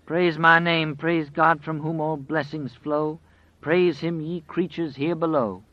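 A man's voice: on the high side, steady tone, unhurried, voice pushed up, close to an everyday voice. A man voicing a very old, devout woman who speaks in a fervent, quavering, pleading way, in an audiobook. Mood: prayerful. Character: very old devout woman, terrified yet defiant. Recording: dry, slightly dull audio.

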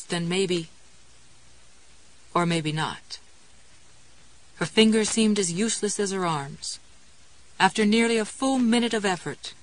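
A woman narrating a novel aloud in a measured, calm storytelling manner. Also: mid-range voice, rough recording. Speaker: audiobook narrator.

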